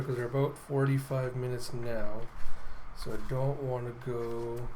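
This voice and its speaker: A man hosting a casual comic readthrough, excitable and enthusiastic, laughing often. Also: medium pitch, noisy background. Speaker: host.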